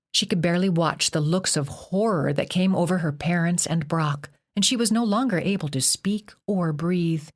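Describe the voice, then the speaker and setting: A woman reading a horror novel aloud as an audiobook narrator, measured and expressive. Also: on the low side. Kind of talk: scripted narration.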